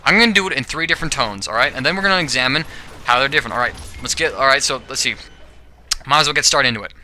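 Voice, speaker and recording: Bright, rambling young-sounding man. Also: medium pitch, expressive, rapid-fire, a little hiss or hum. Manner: rambling, with frequent "you know" and "all right?"; self-correcting, stumbling restarts. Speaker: video blogger. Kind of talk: casual opinion monologue.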